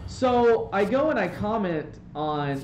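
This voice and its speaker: A man with a slightly high voice tells a rambling story in a casual way while he plays a game on a live stream. He talks into a desk microphone at home, and the room sounds roomy with a faint hum underneath. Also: slow pace. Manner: rambling, animated anecdote with playful asides. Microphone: desk microphone, swapped in for the day.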